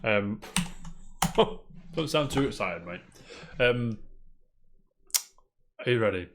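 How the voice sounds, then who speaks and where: A man's voice: fairly low pitch, animated, takes it slowly, a bit bright. A man co-hosting a casual gaming news podcast, rambling cheerfully and calling his co-host "mate". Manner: chatty, rambling, peppers talk with "mate".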